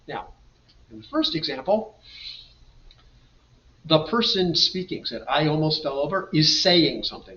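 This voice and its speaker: A man's voice: on the high side, pushed and bright. A man teaching a grammar lesson over a slideshow, explaining patiently and reading example sentences aloud. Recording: dull, roomy, mic at a distance.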